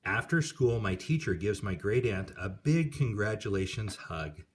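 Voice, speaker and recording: A man calmly reading a children's picture book aloud. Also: on the low side, moderate pace.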